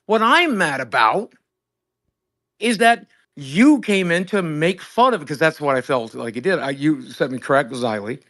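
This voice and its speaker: A man's voice: a little high, big pitch swings, normal speed, sharp tone. A man hosting a livestream, telling a heated phone-call story with lots of swearing and acted-out dialogue. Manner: profane, emphatic, acts out both sides of a phone call. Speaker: streamer host.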